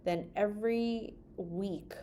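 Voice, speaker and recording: A woman's voice: mid-range voice, slow, warm tone, slight background noise. A woman in her forties hosting a talk to camera from her desk, chatty and rambling, often tagging on "right?". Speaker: podcast host and hand therapist. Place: home office at a desk.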